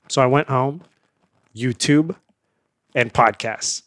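A man who grew up in India, a guest on an interview, telling a lively anecdote in a casual way and laughing often. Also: mid-range voice, a little slow, pauses often, no room sound, clean studio sound.

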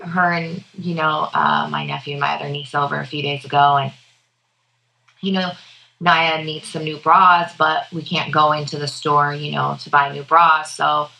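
A woman co-hosting a relaxed podcast, spinning a family story in loose, profane chat. Her voice is bright and forward, and she keeps pulling her listener in as she talks. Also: deep voice, moderate pace, gravelly, low-quality recording. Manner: profane, animated storyteller who laughs often. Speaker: podcast co-host.

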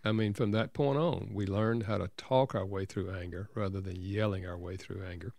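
Heard up close in a dry recording with no surrounding room, an older male counselor and author shares a personal story as an interview guest. He speaks gently and earnestly at a moderate pace, his lowish, gravelly voice showing slight fry and fairly even intonation.

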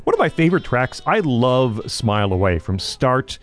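A man's voice: mid-range voice, normal speed. A man co-hosting a podcast, talking enthusiastically in a casual music discussion. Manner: enthusiastic, animated. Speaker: podcast co-host.

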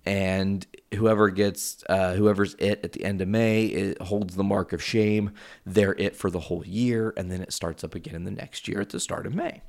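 Brief: male podcaster at home, casual and profane, tangent-prone, with a gravelly low voice. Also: fairly even intonation, moderate pace, darkish tone. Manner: rambling and profane, wanders off on tangents. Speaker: podcast host. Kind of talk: casual solo podcast storytelling. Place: his house.

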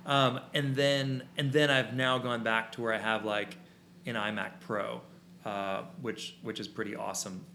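A man who teaches photography co-hosts a live-streamed podcast on the subject, rambling loosely with lots of fillers and restarts. His mid-range voice is bright and forward-edged yet creaky, unhurried and fairly flat in pitch, with a faint hum from his small studio behind him.

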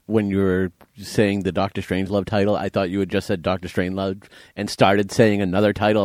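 A man co-hosting a podcast in casual chat, playful and quick with jokes. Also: low-pitched, flat delivery, darkish tone, no echo. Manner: jokey, playful, quick with comebacks. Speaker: podcast co-host.

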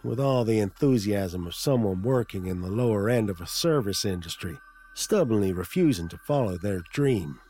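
A man's voice: lowish voice, expressive, normal speed, mellow, husky, faint music behind. A man narrating a comic audiobook in a wry storytelling manner.

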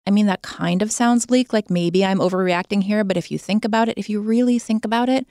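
A woman hosting a podcast, talking straight to listeners in an expressive, emphatic conversational monologue. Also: mid-range voice, a little fast, no echo, clean studio sound. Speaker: podcast host.

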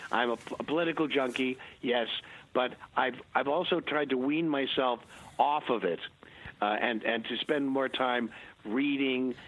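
An older man, a guest in an interview, telling anecdotes in a halting way with many restarts and chuckles. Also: medium pitch, fairly bright tone, slight background noise, low-quality recording. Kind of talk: rambling anecdotal conversation.

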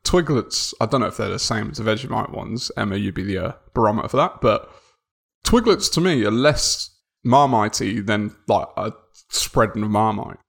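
A man's voice: fairly low pitch, animated, normal speed, gravelly, fairly bright tone, husky. A man co-hosting a casual podcast, curious and enthusiastic as he chats. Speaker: podcast co-host. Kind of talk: casual chat.

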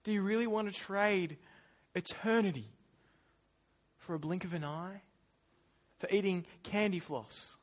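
Male preacher, fairly high voice, animated delivery with acted-out voices. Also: a little slow, long pauses. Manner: animated, acts out whiny voices, drops to quiet asides. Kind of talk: sermon.

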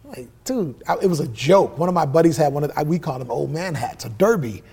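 Here the middle-aged musician talks fast in a gravelly voice on the high side with a breathy edge. He's a profane, animated storyteller in a casual interview, acting out the dialogue he quotes.

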